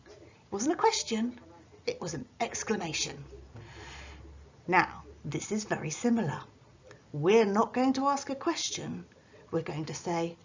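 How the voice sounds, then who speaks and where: A woman teacher giving a recorded writing lesson to children at home, in a slow, sing-song delivery with a playful pirate voice now and then. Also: lowish voice, lively intonation, husky, dull audio. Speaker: primary school teacher.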